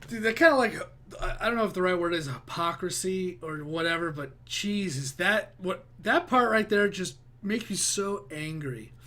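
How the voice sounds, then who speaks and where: Guy reacting to a comedy clip, bright voice, rambles n restarts, cusses. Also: high-pitched, expressive, normal speed, a little hiss or hum. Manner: profane, rambling, hesitant. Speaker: reaction video host. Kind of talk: casual reaction commentary.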